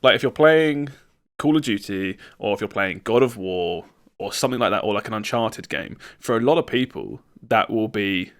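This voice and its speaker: Man, lowish voice, podcast co-host, relaxed casual chat. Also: moderate pace.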